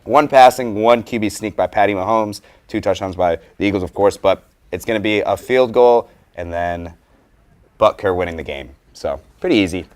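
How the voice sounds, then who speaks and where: A man on a sports show giving his prediction in an excitable, hyped-up way. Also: fairly low pitch, normal speed, smooth. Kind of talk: casual sports chat.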